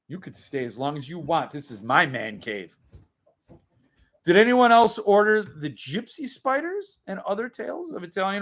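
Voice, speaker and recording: A man's voice: high-pitched, a bit bright. A man hosting a book channel, chatting loosely on a livestream from a room at home, rambling and reading viewer comments aloud. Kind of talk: casual livestream chat.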